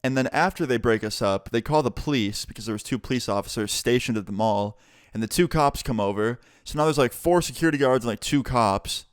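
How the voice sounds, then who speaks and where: A young vlogger tells a storytime in a casual, animated way, swearing freely and speaking a little fast. His mid-pitched voice is smooth and clear, recorded close and dry without room echo.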